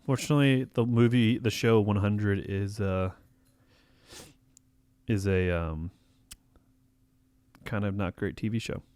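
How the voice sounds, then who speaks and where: A man's voice: on the low side, fairly even intonation, a little slow, pauses often, a little mellow, clear, resonant tone, dry recording. A man hosting a film podcast in casual chat, rambling and full of fillers. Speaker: podcast host.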